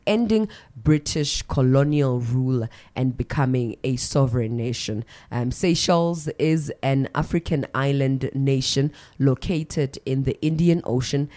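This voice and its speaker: Woman radio host, very low voice, chatty morning-show delivery with self-corrections. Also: dark tone. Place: radio studio.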